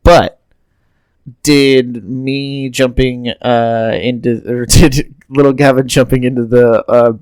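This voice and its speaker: A man's voice: medium pitch, little pitch movement, takes it slowly, a little mellow, clean tone, no echo. Chatty man with a dry close sound. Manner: laughs often, loose and chatty. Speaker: podcast co-host. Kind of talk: casual chat, reading a listener question.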